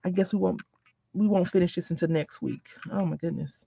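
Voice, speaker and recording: A woman's voice: fairly low pitch, steady tone, fairly quick, gravelly, dark tone, husky, no room sound. A woman with a chatty, rambling way of talking, telling anecdotes while she works on a craft project in a casual vlog. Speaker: crafting vlogger. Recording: dull lo-fi recording.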